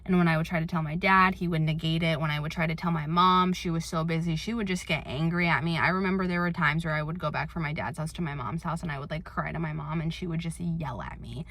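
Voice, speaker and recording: A woman's voice: sits low, steady tone, quick pace, hardly any pauses, a bit bright, no room sound, clean studio sound. A young woman vlogging in a candid, reflective way, with many filler words. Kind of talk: personal confessional vlog.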